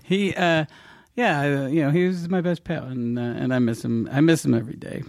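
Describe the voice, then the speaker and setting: A man's voice: fairly high pitch, normal speed, creaky, darkish tone. A man casually telling backstage stories about directing a television show, rambling with lots of fillers and restarts. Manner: rambling, many fillers and restarts, laughing asides. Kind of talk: casual storytelling chat.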